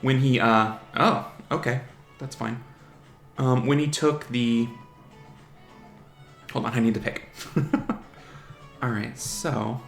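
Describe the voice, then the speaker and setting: Gravelly man muttering game commentary. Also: mid-range voice, takes it slowly, pauses often. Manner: chatty, mutters strategy aloud, teases opponents' monsters. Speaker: gaming channel host. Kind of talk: casual live game commentary. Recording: roomy home recording with faint music.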